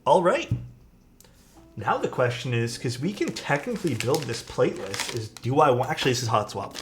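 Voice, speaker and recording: A man casually chatting as a live streamer while building a keyboard, rambling and relaxed, often saying "dude". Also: mid-range voice, moderate pace, faint music behind. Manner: laid-back, rambling, peppered with "dude" and "like".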